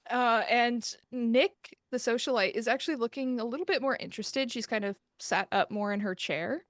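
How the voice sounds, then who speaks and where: A woman game master narrating a tabletop horror game with measured, atmospheric storytelling. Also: a little high, no echo.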